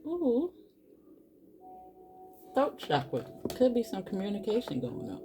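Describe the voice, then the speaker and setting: With music playing in the background, a tarot reader chats straight to her viewers, addressing them as boo and y'all during a casual reading. Her medium-pitched voice is a little slow, and her manner is animated and exclamatory.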